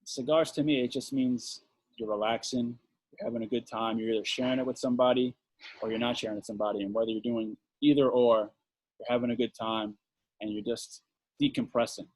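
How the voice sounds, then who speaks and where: A man co-hosting a casual podcast chat, talking in a relaxed, rambling way and repeating words as he starts a thought. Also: mid-range voice, a little fast, no echo. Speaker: podcast co-host.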